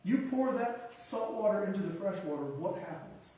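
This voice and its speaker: A man preaches with a high-pitched, mellow voice, lively intonation, and normal speed. As a pastor he's emphatic and conversational, mixing in self-mocking asides and punchy one-word lists, heard from far off in a reverberant hall.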